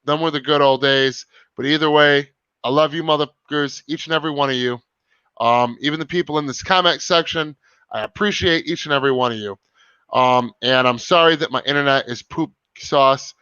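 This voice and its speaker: A man's voice: on the high side, brisk, sharp tone, smooth, dry recording. A young man hosting a casual livestream over a video call, talking emphatically and swearing often. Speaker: livestream host. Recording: dull lo-fi stream audio.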